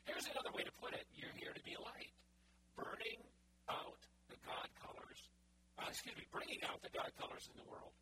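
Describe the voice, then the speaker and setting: A pastor preaching a sermon in a soft, breathy way that often drops close to a whisper. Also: brisk. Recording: noisy recording with a hum.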